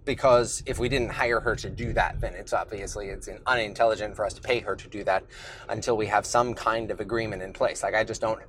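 A man with a fairly low, slightly bright voice hosts his own solo podcast, talking loosely and a bit out of breath after the gym. He uses lots of fillers and restarts, and there's a little hiss or hum in the audio.

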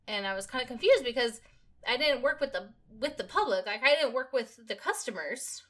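Bright-voiced young woman telling stories. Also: on the high side, a little fast. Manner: animated storyteller, acts out quotes. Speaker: podcast host. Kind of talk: casual chat.

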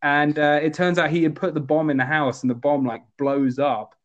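A man's voice: a little high, little pitch movement, moderate pace, dull audio. A man chatting casually about movies, animatedly retelling scenes and acting out the characters.

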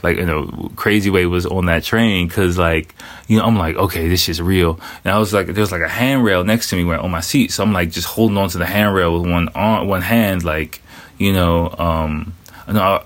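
Low-voiced man rambling through a story. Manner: rambling, profane, many fillers. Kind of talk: casual storytelling.

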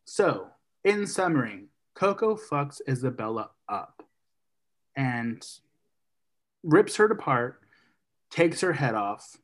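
A man co-hosting a casual podcast, retelling a story in an animated way and acting out the characters' lines. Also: medium pitch, slow, pauses often.

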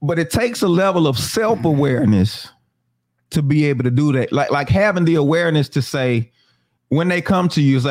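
Lively man in a dry, close room. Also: fairly high pitch, normal speed, no room sound. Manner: expressive, laughs often, asks the audience questions. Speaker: podcast co-host. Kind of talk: casual chat.

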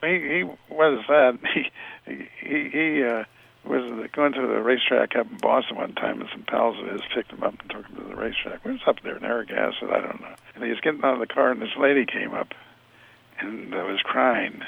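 Over a tinny phone connection, a retired football scout appears as an interview guest, an older man whose mid-range voice is husky and gravelly. His storytelling wanders and stalls, full of false starts.

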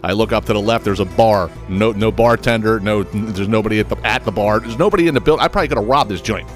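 A man from the United States hosting a podcast, telling a comedic story in a profane, animated way with stammering restarts. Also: fairly low pitch, fast talker, faint music behind. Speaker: podcast host.

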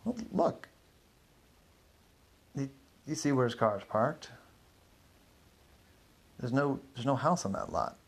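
A man voicing a weary neighbor in his forties in an improvised audio story, rambling and hesitant with a gravelly, husky voice. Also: mid-range voice, animated, slow pace, pauses often, full character voice. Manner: rambling, hesitant, many fillers.

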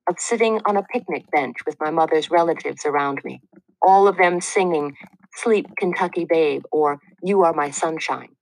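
Brief: woman narrator, earnest, measured audiobook read, lower voice, dead-dry booth sound. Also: no room sound, poor audio. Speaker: narrator of a memoir.

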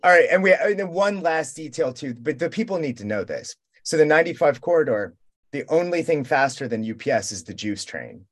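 A young man in a relaxed roundtable chat, spinning a long story in a loose, profane, rambling way. He keeps slipping into the voices of the people he met and quoting them. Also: fairly high pitch, brisk. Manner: rambling, profane, animated storytelling with quoted dialogue. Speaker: roundtable guest. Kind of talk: casual storytelling.

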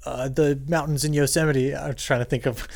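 A man voicing a relaxed male Mothman creature with a surfer drawl, slangy. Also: mid-range voice, brisk, creaky, natural voice. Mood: laid-back. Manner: relaxed, slangy, says bro and dude.

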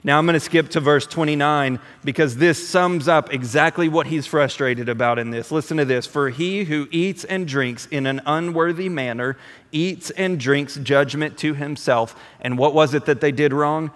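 Man, pastor, sermon, animated, slightly high pitch, reverberant hall. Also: normal speed. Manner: conversational, animated, repeats words when restarting.

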